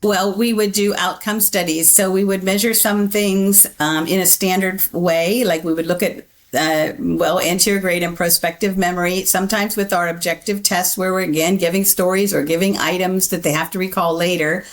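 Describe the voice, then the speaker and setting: Low-voiced woman explaining memory strategies. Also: steady tone. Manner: measured, explanatory, laughs easily. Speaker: memory researcher guest. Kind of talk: interview answers.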